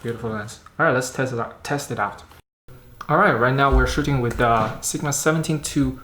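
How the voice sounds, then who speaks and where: A man unboxes camera gear in a casual vlog, speaking haltingly and thinking out loud as he handles the lens. His mid-range voice sounds pushed and bright, and the recording has a roomy echo.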